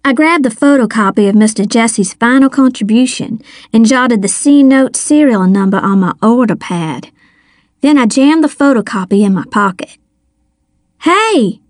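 A woman narrating a story in the first person with a measured storytelling delivery. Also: a little high, lively intonation, darkish tone, no room sound, clean studio sound. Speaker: audiobook narrator.

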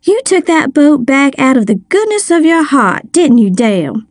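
A woman's voice: sits high, very animated, normal speed, no echo, studio quality, voice pushed up. Woman doing a gushing, theatrical genteel lady.

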